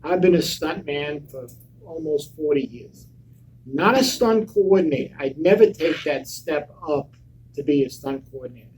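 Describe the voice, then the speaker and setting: A man's voice: a little high, expressive, normal speed, a little mellow, slight background noise, low-quality recording. Blunt, profane older man telling stories. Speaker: panel guest. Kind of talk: live convention panel storytelling. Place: convention panel room.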